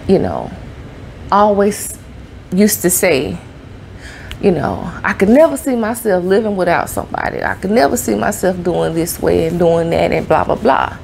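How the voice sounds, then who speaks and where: Heartfelt woman vlogger with some vocal fry; casual, repetitive, talks straight to camera. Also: on the low side, lively intonation, normal speed, a little mellow, slight background noise. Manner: heartfelt, conversational, repeats phrases. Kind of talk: personal talk to camera.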